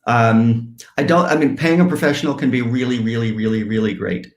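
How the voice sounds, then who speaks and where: A man's voice: mid-range voice, a little fast, echoey room. A man, a writer, speaking thoughtfully with some hesitation on a conference panel. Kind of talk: casual panel conversation.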